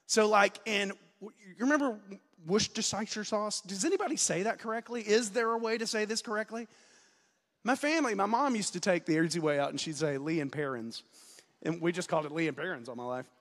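A man in his forties, a student pastor filling in as guest preacher, giving a self-deprecating, joking sermon that now and then breaks into loud preaching. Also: high voice, fairly quick. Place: church sanctuary. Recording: long reverb of a large hall.

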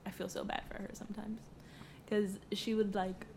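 Profane, animated young woman storyteller. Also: mid-range voice, moderate pace, gravelly, a little hiss or hum. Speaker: podcast co-host. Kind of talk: casual chat.

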